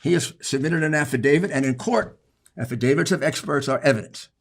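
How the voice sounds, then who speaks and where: A man giving a political speech, emphatic and building to forceful outbursts. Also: a little high, a little fast, creaky, background noise. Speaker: speaker addressing lawmakers.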